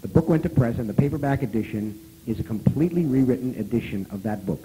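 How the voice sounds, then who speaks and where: A man telling a story at a live convention talk, animated and profane, who now and then breaks into loud shouting. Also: mid-range voice, quick pace, a little hiss or hum, low-quality recording. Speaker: guest of honor speaker.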